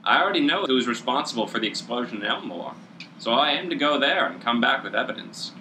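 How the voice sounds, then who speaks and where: A man voicing a weary, resolute old dragonborn with a gruff, self-mocking manner in a tabletop game. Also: mid-range voice, expressive, quick pace, sharp tone, roomy sound, slight background noise, voice pushed up, rough recording.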